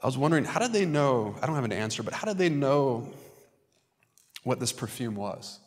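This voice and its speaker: Male pastor, mid-pitched, conversational sermon delivery, recorded in a reverberant church sanctuary. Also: very animated, brisk. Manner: conversational preaching, acts out quoted voices.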